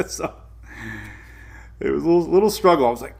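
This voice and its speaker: A man's voice: mid-range voice, expressive, fast talker, vocal fry, pauses often. A man with a Southern US accent hosting a casual weather live stream, rambling and greeting viewers by name. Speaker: weather show host.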